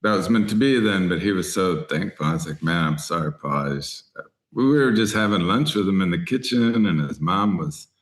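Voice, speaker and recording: Lively storytelling man, low voice. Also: moderate pace. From Texas. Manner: animated anecdotes, voices other people in quotes. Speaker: podcast guest, writer and angler. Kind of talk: storytelling interview chat.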